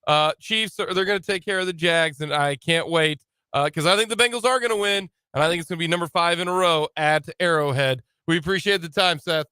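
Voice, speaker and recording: A man's voice: on the high side, fairly quick, few pauses, sharp tone, clear, resonant tone, no room sound, studio quality. A man hosting a sports talk radio show, teasing his co-host and laughing often in casual banter.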